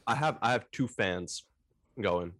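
A man on a podcast panel, talking in a relaxed, rambling way. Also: on the low side, unhurried. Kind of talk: casual panel chat.

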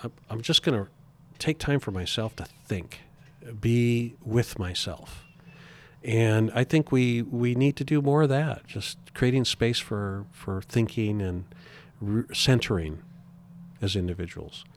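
A middle-aged man with a lowish voice, talking earnestly as a guest in an interview. He often halts and restarts his sentences as he works toward his point. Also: darkish tone. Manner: earnest, halting with repeated restarts. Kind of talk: reflective interview talk.

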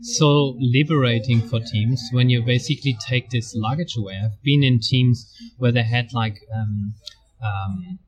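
A man's voice: medium pitch, a little slow, few pauses, breathy edge, highs cut off. A man hosting a casual interview, speaking hesitantly with many fillers and agreeing often with his guest. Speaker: podcast host.

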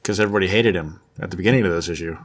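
A man's voice: deep voice, rapid-fire. A man co-hosting a podcast, casually recalling story details. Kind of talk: casual chat.

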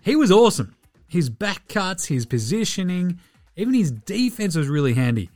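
Slightly fast and sing-song, his voice sits on the high side as soft music plays underneath. He's an Australian man hosting a basketball podcast, and his casual commentary is brash, slangy, packed with swearing and frequent bursts of laughter.

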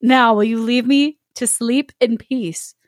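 A woman's voice: on the high side, fairly even intonation, takes it slowly, no room sound, clean studio sound. A woman voicing a grumpy male giant who is cross at being woken.

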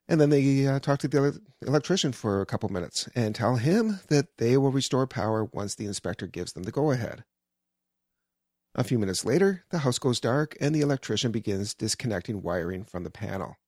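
A man's voice: mid-range voice, darkish tone, dry recording. A man telling a personal anecdote in a wry, conversational way with dry humor.

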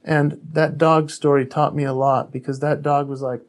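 A man's voice: fairly high pitch, little pitch movement, normal speed. A man who is an author and speaker, a podcast guest telling a personal story in an earnest, candid way, often restarting his sentences.

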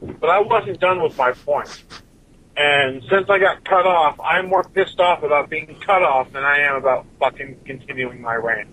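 A man's voice: fairly high pitch, normal speed, sharp tone, poor audio. A man giving a profane, rambling rant as a listener's recorded message to a podcast, swearing constantly and drifting from point to point.

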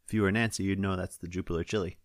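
A man reading the lines of a weary, grumpy middle-aged sheriff in a dry, gruff way. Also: low-pitched, steady tone, racing, no room sound, lightly acted.

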